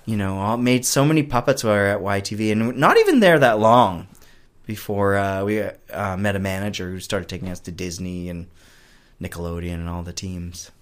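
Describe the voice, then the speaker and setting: Interview guest: a man, casual and animated, rambling answers that trail off. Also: fairly low pitch, fairly quick. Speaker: guest, puppet show creator.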